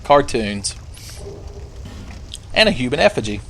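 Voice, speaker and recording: A man's voice: medium pitch, very animated, measured pace, a bit bright, soft background music. Sarcastic man joking over gameplay. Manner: joking, sarcastic, breaks into silly singing. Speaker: gaming video host. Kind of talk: casual let's play commentary.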